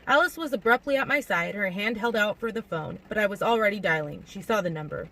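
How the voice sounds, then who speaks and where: A woman reading a novel aloud in an audiobook narration, expressive and lively, acting out the dialogue. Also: mid-range voice, brisk, hardly any pauses, rough recording. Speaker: audiobook reader.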